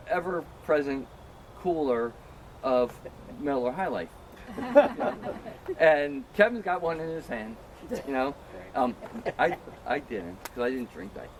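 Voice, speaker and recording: A man's voice: medium pitch, a little hiss or hum. A middle-aged man telling a long, self-mocking story among friends, full of "um" and "you know.". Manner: rambling, filler-heavy, self-mocking. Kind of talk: casual anecdote.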